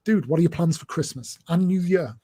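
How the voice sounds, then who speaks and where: A chatty man with a northeast English accent hosts a relaxed livestream conversation. His voice is husky and mellow, and he rambles along, often restarting his sentences. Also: on the high side, a little fast. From northeast England. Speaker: host. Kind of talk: casual chat on a livestream.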